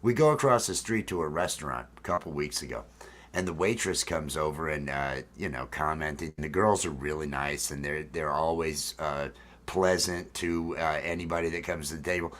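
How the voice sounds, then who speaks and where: A man's voice: rumbling low, normal speed, fairly bright tone. A man hosting a casual livestream chat, telling a story in a rambling way with many fillers and restarts. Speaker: host.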